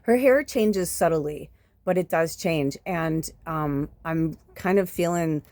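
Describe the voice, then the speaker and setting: A woman in her fifties talks as a spiritual medium, rambling in a casual, emphatic way with plenty of swearing. Her voice sits on the lower side. The sound is dry and close, with no room around it. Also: takes it slowly, dark tone, no room sound. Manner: chatty and emphatic, frequent swearing.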